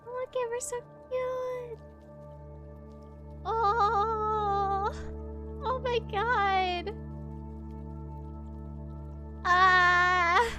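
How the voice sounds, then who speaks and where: A woman streamer giving excited gameplay commentary, giggling and squealing as she gushes over how cute everything is. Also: extremely high pitch, drawn-out words, long pauses, loud music behind the voice. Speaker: video game streamer.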